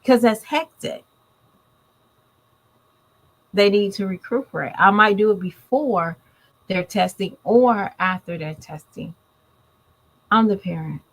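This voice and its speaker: A woman's voice: mid-range voice, unhurried, poor audio. Blunt woman vlogger with a drawl. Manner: blunt, scolding, talks straight to viewers. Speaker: commentary vlogger. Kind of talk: casual opinion commentary.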